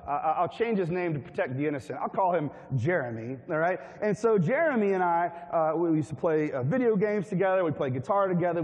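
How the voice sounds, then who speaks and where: A man from Tennessee preaching a humorous storytelling sermon, chatty and animated, asking his congregation questions. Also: sits high, big-room sound, lo-fi sound. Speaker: pastor. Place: church hall with a congregation.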